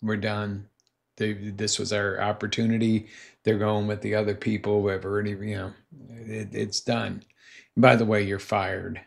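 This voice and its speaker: A man doing a grim boss, low and gravelly. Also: little pitch movement, unhurried. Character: blunt male boss delivering bad news.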